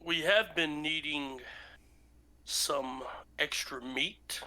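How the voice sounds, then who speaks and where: A man voicing a calm, weary male dwarf who speaks slowly and hesitantly in a tabletop game. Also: heavily acted. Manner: slow, hesitant, low-key.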